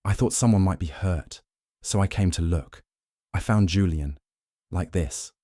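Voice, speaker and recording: A man voicing a shaken, wary young noblewoman who answers in a hesitant, halting way in an audiobook. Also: low voice, mellow, no echo, studio quality. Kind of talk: audiobook narration.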